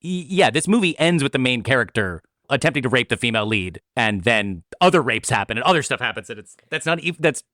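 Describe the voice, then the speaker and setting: Animated man arguing about a film. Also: mid-range voice, quick pace, few pauses, no room sound, clean studio sound. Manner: animated, argumentative, stammers on restarts. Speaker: podcast co-host. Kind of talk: casual film discussion.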